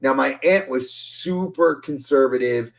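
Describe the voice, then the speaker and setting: A man co-hosting a podcast who grew up in New York, talking in a loose, animated way, laughing often and stammering through restarts. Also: medium pitch, measured pace, gravelly. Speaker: podcast co-host. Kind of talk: casual podcast chat.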